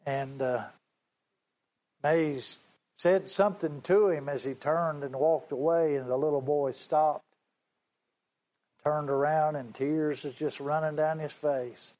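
A man preaching a sermon, telling a story slowly and earnestly and repeating his phrases. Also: on the high side, steady tone, darkish tone, rough recording.

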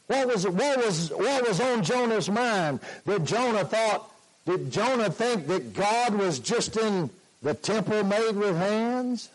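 A man preaching a sermon, slow and emphatic, repeating his points. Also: sits high, lively intonation, poor audio.

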